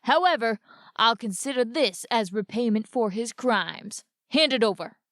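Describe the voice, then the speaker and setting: A woman's voice: a little high, animated, normal speed, fairly bright tone, no echo, clean studio sound. A woman reading aloud, voicing a huge, menacing male lumberjack who growls and roars. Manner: growling, roaring. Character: hulking male northern lumberjack bully.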